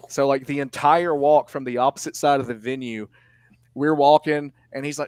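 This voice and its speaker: A man's voice: medium pitch, fairly even intonation, moderate pace, smooth, no room sound, clean studio sound. A young man, a wrestling commentator, telling a story in casual podcast chat, acting out quotes and laughing often.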